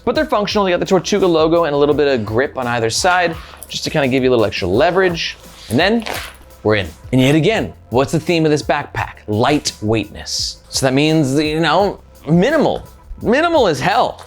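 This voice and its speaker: A man hosting a casual backpack review vlog, upbeat and chatty with lots of "like" and "right?". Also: a little high. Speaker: gear reviewer, channel host.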